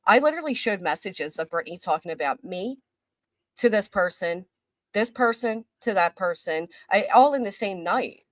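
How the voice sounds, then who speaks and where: A woman's voice: medium pitch, expressive, moderate pace, dry recording. A woman hosting a casual commentary chat, sounding indignant and sarcastic. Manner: indignant, sarcastic, says "y'all". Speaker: channel host.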